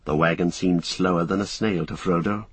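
Male narrator, low and slightly husky, measured audiobook storytelling, dry booth sound. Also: fairly even intonation, dry recording.

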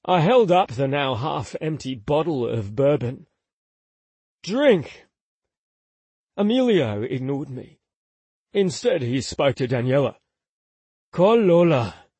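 A man narrating a first-person audiobook in an intimate, confessional, unhurried way. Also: mid-range voice, lively intonation, a little mellow, slightly rough, dry recording.

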